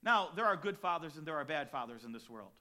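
A man preaching a sermon as pastor, dynamic, shifting between quiet reflective lines and loud emphatic ones, telling personal stories with acted-out quotes. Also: fairly high pitch, expressive, fast. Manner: storytelling with acted quotes and chuckles.

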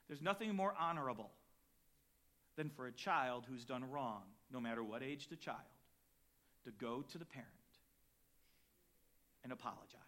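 A man preaching a sermon as pastor, dynamic, shifting between quiet reflective lines and loud emphatic ones, telling personal stories with acted-out quotes. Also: medium pitch. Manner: storytelling with acted quotes and chuckles.

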